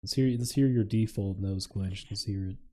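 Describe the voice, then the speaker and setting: A man's voice: on the low side, normal speed, warm tone. A man co-hosting a casual podcast, crude and teasing, laughing a lot. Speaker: podcast co-host. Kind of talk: casual chat among friends.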